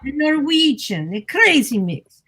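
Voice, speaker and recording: Woman talk show guest, high-pitched, animated and playful storytelling. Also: unhurried, poor audio. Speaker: guest actor. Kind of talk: casual talk show chat.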